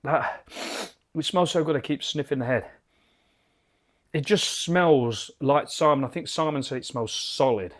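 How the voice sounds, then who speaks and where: A man's voice: fairly high pitch, unhurried. A British man giving a chatty, enthusiastic and rambling beer review from his garden cabin bar. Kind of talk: casual video review.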